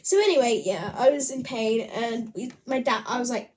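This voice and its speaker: A woman's voice: on the high side, moderate pace, a little mellow. A woman chatting to camera in a casual, rambling vlog, often laughing as she talks. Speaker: vlogger.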